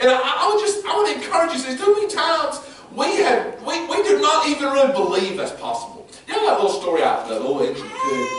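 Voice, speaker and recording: A man's voice: high voice, sing-song, fairly quick, fairly bright tone, slight background noise. A man preaching a sermon as pastor, impassioned with folksy asides, in a church sanctuary. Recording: very echoey room, voice from far off.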